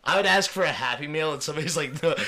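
A man's voice: on the high side, fast talker, pushed and bright. A man co-hosting a casual podcast, telling stories with lots of swearing and laughter. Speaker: podcast co-host. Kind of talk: casual chat.

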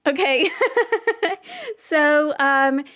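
A woman's voice: sits high, flat delivery, drawn-out words, a bit bright, no echo, studio quality. Laid-back woman game master. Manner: loose, filler-heavy, laughing often. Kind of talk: narrating a tabletop game.

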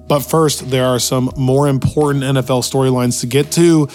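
A man hosting a weekly football podcast, his voice worn out and hoarse, talking in an energetic, opinionated way. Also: mid-range voice, normal speed, hardly any pauses, soft background music. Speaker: podcast host. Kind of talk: casual sports talk. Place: hotel room in Las Vegas.

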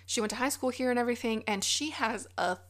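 Texan woman podcaster, kinda high voice, rambly and playful. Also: quick pace, a bit bright. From Texas. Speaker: podcast co-host. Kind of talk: casual chat.

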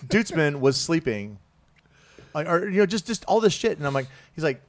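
Male podcast co-host, ex-Marine, lively swooping delivery, salty storyteller. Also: fairly high pitch, a little slow, long pauses, a little hiss or hum. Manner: profane, animated storyteller who acts out quoted voices. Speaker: Marine veteran. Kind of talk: casual storytelling.

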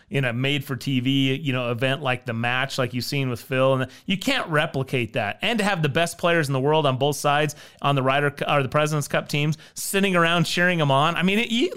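Smooth-voiced enthusiastic radio co-host man. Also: a little high, brisk, hardly any pauses, fairly bright tone. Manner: enthusiastic, emphatic. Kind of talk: casual sports radio chat.

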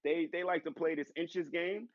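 A man with a fairly high voice tells stories on a podcast in animated, slangy, profane bursts. His mic sounds a little dull and lo-fi, and the sound is dry. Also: normal speed, no room sound. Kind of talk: casual chat. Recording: slightly muffled, lo-fi mic.

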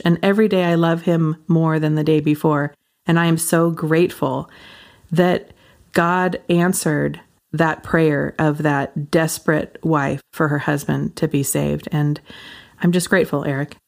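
A woman's voice: deep voice, fairly even intonation, unhurried, gravelly, darkish tone. A woman in her forties hosting a casual faith podcast, rambling with lots of fillers and frequent laughs. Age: 40s. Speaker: podcast host.

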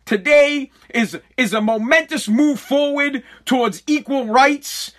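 A middle-aged man hosting a podcast, delivering an animated, mock-pompous comedic rant full of swearing. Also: extremely high pitch, unhurried. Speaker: podcast host.

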